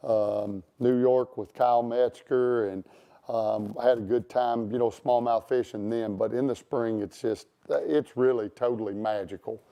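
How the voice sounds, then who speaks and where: A man's voice: mid-range voice, fairly even intonation, measured pace, mellow. A man hosting a casual interview chat, rambling with many fillers and restarts. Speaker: show host.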